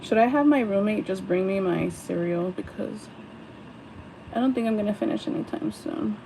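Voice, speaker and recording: A woman's voice: medium pitch, normal speed, creaky, mellow, slight background noise, low-quality recording. A young woman chatting casually on a livestream while she does her makeup at home, rambling, laughing often and swearing. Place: home, at a vanity mirror.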